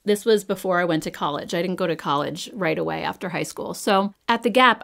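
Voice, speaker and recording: Woman host, get-ready-with-me storytime, chatty and animated, casual filler words. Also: medium pitch.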